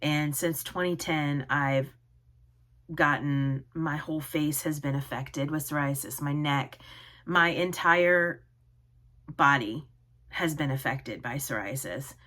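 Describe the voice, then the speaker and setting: A woman in her forties vlogging to camera, talking in an earnest, halting way with many pauses. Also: low-pitched, fairly bright tone. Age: 40s. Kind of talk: personal vlog talk to camera.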